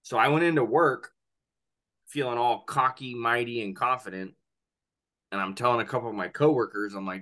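A man's voice: medium pitch, moderate pace, pauses often. A man hosting a podcast in casual chat, swearing freely and telling stories animatedly. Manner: profane, animated storyteller. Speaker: podcast host.

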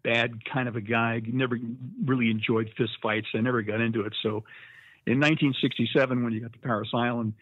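A man's voice: medium pitch, flat delivery, fast, no echo. A man in his seventies, a Marine veteran guest, telling his stories in a folksy way and laughing at them over a tinny line. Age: 70s. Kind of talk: casual storytelling interview. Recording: dry, tinny phone-like line.

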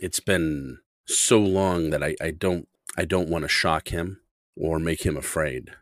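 Low-voiced male player, dry sound. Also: measured pace, fairly bright tone, dry recording. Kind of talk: tabletop game play.

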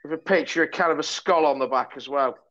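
A man chatting on a podcast as a pundit, cracking deadpan jokes and working himself into mock rants. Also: fairly high pitch, quick pace, lo-fi sound. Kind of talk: casual chat.

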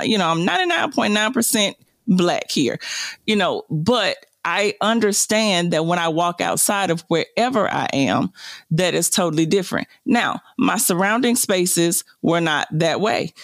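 A woman's voice: deep voice, lively intonation, moderate pace, dry recording, studio quality. A woman co-hosting a podcast, talking things through in a thoughtful, self-correcting way. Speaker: podcast co-host. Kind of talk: casual discussion.

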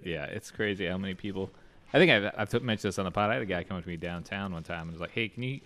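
A man with a somewhat low voice hosts a casual podcast. He is laid-back, laughs easily and keeps up a steady stream of short replies. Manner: easygoing, laughs often, quick back-channel replies. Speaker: podcast host. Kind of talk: casual chat and read sponsor ad.

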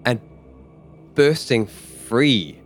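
A man narrating a tabletop game as game master in a measured, descriptive way. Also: mid-range voice, expressive, soft background music.

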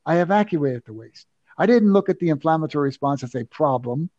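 An emphatic, self-assured older man with a fairly high voice, telling a personal story as an interview guest. The recording is dull and dry, close to the mic. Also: expressive, fairly quick, a little mellow, no room sound. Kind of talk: anecdotal storytelling.

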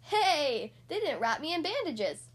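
A jittery young boy cat from a children's storybook, voiced by a woman, stammering when he gets frightened. The voice sits high and swoops up and down with lively pitch. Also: normal speed. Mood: proud.

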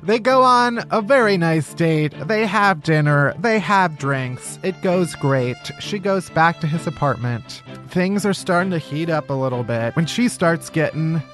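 A male podcast host with a swinging, animated voice that climbs and dips as he talks. He tells a story in a loose comedic way, swears freely and breaks into laughs. Faint music sits behind him. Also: a little high, unhurried, hardly any pauses. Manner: animated, profane, laughs while telling.

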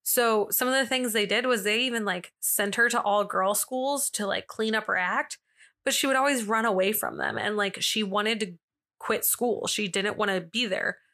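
A woman's voice: mid-range voice, animated, moderate pace, sharp tone. A young woman hosting a casual storytelling podcast, chatty and full of fillers and asides. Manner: chatty, filler-heavy, with frequent asides and laughs. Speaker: podcast host.

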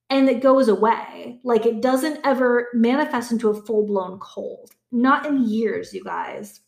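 A woman's voice: on the high side, measured pace, gravelly, hardly any pauses, a little mellow. A woman in her thirties talking candidly to her viewers, chatty, swearing freely and acting out her own inner voice. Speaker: vlogger. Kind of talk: casual talk to camera. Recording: echoey room.

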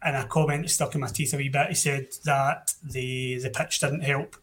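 A man's voice: medium pitch, fairly even intonation, moderate pace, a bit bright. A young Scottish man hosting a casual football podcast, blunt and opinionated, often restarting his sentences. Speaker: podcast host.

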